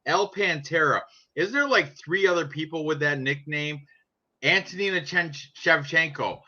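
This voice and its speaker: A man's voice: a little high, unhurried, sharp tone. A man chatting casually about sports picks in a brash, profane, joking way. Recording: dull lo-fi sound.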